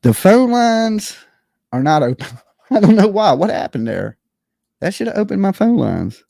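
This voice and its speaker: A man's voice: fairly high pitch, sing-song, moderate pace, vocal fry, warm tone, no room sound, clean studio sound. Profane joking man ranting to his audience. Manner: boastful, profane, jokey, keeps asking "you know what I'm saying". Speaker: online show host. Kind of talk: casual ranting monologue.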